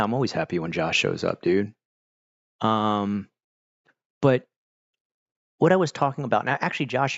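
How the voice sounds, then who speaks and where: Middle-aged male streamer, low gravelly voice, laid-back rambling chatter, dull dry mic. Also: dry recording. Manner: rambling, laid-back, heavy use of "like" and "dude". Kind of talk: casual chat with live viewers.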